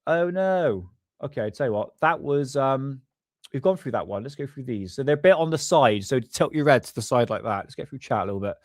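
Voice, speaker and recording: A man's voice: medium pitch, expressive, brisk, dry recording, clean studio sound. Chatty man hosting a stream. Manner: rambling, chuckling, stumbles over words. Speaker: livestream host. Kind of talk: casual live-stream commentary.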